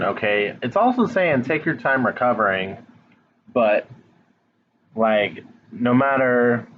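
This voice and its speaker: A man's voice: medium pitch, narrow, tinny audio, slight background noise. A man giving a casual tarot reading straight to the viewer, blunt and frank, swearing now and then. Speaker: tarot reader. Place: home, dog nearby.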